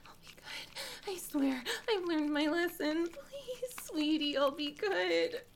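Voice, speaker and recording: A woman acting in an erotic audio role-play as a desperate, pleading, domineering adult woman, breathy and alternating between whispers and sobs. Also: sits high, lively intonation, slow, slight background noise.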